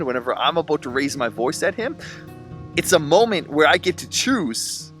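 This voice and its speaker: A man's voice: a little high, fairly bright tone. A young man earnestly reflecting on being a single dad, in a spiritual self-help tone. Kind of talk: reflective personal vlog monologue.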